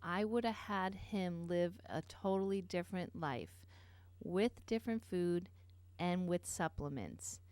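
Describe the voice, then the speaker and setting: A woman's voice: fairly low pitch, expressive, unhurried, darkish tone, no room sound. Earnest middle-aged woman host, dry sound. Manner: earnest, many fillers and asides. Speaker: nutrition show host. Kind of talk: personal story and health talk.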